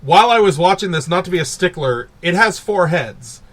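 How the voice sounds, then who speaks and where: A man co-hosting a casual podcast, animated and laughing as he recaps films and acts out characters. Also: high-pitched, a little fast. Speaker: podcast co-host. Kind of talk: casual chat.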